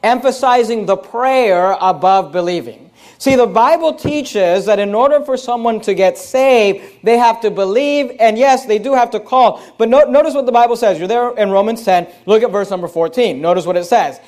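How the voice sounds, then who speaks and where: A man's voice: high voice, normal speed, darkish tone. A man preaching a Bible-study sermon as pastor, reading verses aloud and hammering key phrases with repetition. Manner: emphatic, repeats key phrases, reads verses in King James wording; stretches words for emphasis, with some fillers and restarts.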